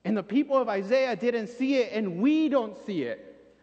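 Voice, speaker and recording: A man's voice: very high-pitched, expressive, moderate pace, a little mellow. A man preaching a sermon in an earnest, pleading way, often repeating himself for emphasis. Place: church sanctuary. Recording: dull recording in a reverberant church.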